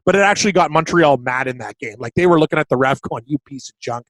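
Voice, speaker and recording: Excitable man talking hockey bets. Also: a little high, fast, dry recording, low-quality recording. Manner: excitable, blunt, swears casually. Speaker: podcast co-host, betting analyst. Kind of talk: casual sports betting chat.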